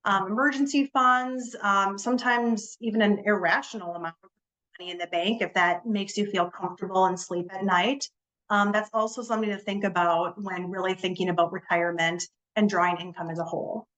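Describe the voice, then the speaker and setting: A woman of medium pitch presents a finance webinar in an easy, conversational way. She explains step by step, fills her pauses with ums and repeats a word now and then. She leans on the key words to stress them. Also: steady tone, fairly bright tone, rough recording.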